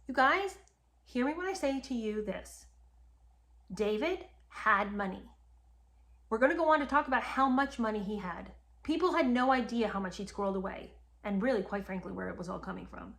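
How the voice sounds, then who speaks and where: Woman, higher voice, indignant storytelling host, speaks right to the audience. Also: expressive, moderate pace, a bit bright. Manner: indignant, talks straight to listeners. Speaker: podcast host. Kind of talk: animated history commentary.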